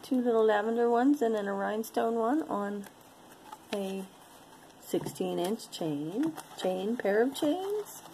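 A woman's voice: on the high side, expressive, slow, warm tone, a little hiss or hum, poor audio. A woman chatting casually to viewers as she shows and sells jewelry, rambling and talking to herself between items. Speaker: online jewelry seller. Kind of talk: casual sales chat to viewers.

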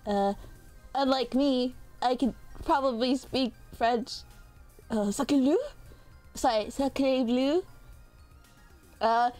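A woman's voice: high-pitched, a little mellow. A woman streamer in casual livestream chat, playful and rambling, often correcting herself mid-sentence.

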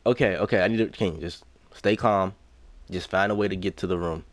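A man's voice: sits low, fairly quick, no echo. A young man playing a horror game, talking to himself and repeating lines as he goes, breaking into panicked yelps when danger hits. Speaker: gaming YouTuber. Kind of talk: let's play commentary.

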